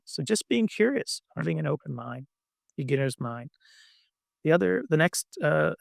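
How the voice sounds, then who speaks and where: Gravelly-voiced man giving a meditation talk. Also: fairly high pitch, no echo, clean studio sound. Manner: gentle, halting, many fillers. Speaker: meditation teacher. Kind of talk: dharma talk.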